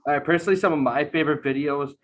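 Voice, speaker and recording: A man's voice: on the high side, fast talker, rough recording. A man co-hosting a casual interview, easygoing as he chats and wraps up with plugs. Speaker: podcast co-host.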